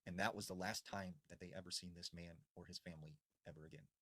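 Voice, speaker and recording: A man casually retelling a creepy woods story, getting loud for the shouted parts and dropping low for the eerie ones. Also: fairly even intonation, quick pace, no echo. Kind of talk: casual spoken ghost story.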